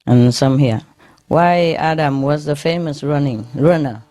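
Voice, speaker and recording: Slow, low-voiced woman telling jokes. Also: mellow. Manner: laughs often at her own jokes, chats with listeners; non-native English with tags like "no?" and "eh?". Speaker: spiritual teacher addressing a gathering. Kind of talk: telling jokes to a live audience. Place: gathering hall.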